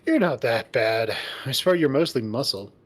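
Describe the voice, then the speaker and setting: A man's voice: medium pitch, animated, normal speed, natural voice. A man voicing an upbeat young male furry friend who narrates in first person, encouraging and teasing, reading a visual novel aloud.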